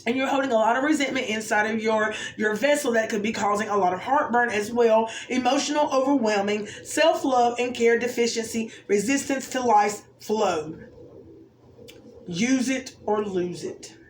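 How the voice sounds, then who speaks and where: A woman's voice: fairly high pitch, normal speed, hardly any pauses. A woman giving an intuitive oracle card reading to viewers, musing aloud and often asking "okay?". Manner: musing, exclamatory, keeps checking in with "okay?". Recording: roomy echo, faint background noise.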